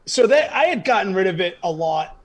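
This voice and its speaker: A male stand-up comedian telling stories from his youth as a guest in a casual chat, quick and jokey. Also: high-pitched, big pitch swings. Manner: rapid joke-telling, acting out dialogue.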